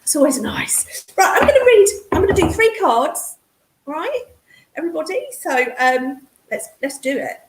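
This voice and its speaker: High, animated woman hosting a chatty live stream, echoey room. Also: normal speed, slight background noise. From English Midlands. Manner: excitable, chatty, calls viewers darling and hun. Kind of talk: casual livestream chat with viewers. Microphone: computer mic on a streaming setup.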